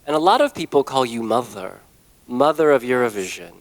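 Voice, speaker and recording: A man's voice: mid-range voice, sing-song, a little fast. A man interviewing a singer with short, friendly questions.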